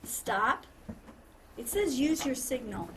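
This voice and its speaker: A woman's voice: high voice, very animated, slow pace, a bit bright. A woman teaching a first grade class, patiently asking questions and repeating students' answers back. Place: elementary classroom. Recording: distant mic in a noisy classroom.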